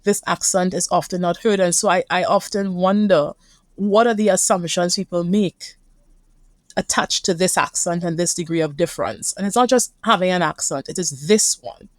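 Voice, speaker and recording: A woman's voice: lowish voice, normal speed, no echo, studio quality. A woman with a Caribbean accent, a couples therapist speaking earnestly and reflectively as a guest in a conversational interview.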